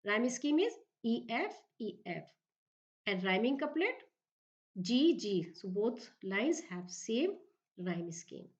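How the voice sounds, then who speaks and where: A woman with an Indian English accent giving a slow, repetitive English literature lecture as a professor, often asking if the class is clear. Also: on the high side, very animated. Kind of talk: recorded lecture. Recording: dull lo-fi recording.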